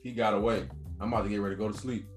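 A man's voice: lowish voice, rapid-fire, echoey room, faint music behind. Slangy man telling wild stories. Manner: animated, slangy, profane storyteller. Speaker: podcast co-host telling stories. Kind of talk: casual storytelling chat.

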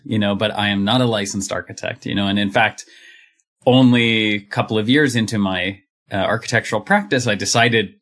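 A man's voice: fairly low pitch, fairly bright tone. A man, a guest on a podcast, speaking thoughtfully with many fillers. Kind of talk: podcast interview.

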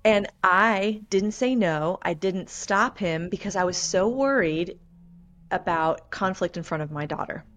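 A woman guest on a podcast, telling a personal story in an earnest, measured and reflective way. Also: mid-range voice, fairly bright tone.

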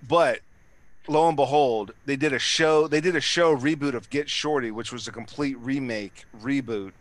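A man's voice: mid-range voice, moderate pace, no room sound. A man in casual chat, rambling and swearing, with many restarts and fillers.

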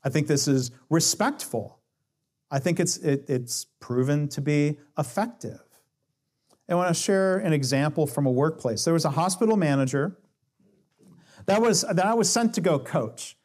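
Male speaker, slightly higher pitch, conversational teaching tone, quotes example dialogue. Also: normal speed, darkish tone. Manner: explains with acted-out dialogue quotes, shifting pace. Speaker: speaker on coaching and lean management.

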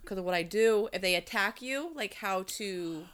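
A woman's voice: mid-range voice, normal speed, a bit bright. A woman chatting casually as a podcast guest, telling about her week. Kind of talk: casual chat.

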